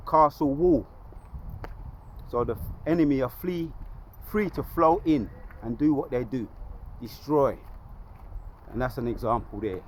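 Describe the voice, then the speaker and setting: A man preaches outdoors in a medium-pitched voice. His delivery is emphatic and repetitive, and he restarts often as he works through his point. Traffic passes faintly behind him. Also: a little mellow. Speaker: street preacher. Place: outdoors, by a lake.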